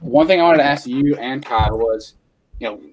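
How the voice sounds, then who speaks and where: A man's voice: mid-range voice, a little fast, a little mellow, husky. A man from New York State hosting a podcast, chatting easily and asking questions. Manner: easygoing, asks questions. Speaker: podcast host. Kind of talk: casual podcast chat.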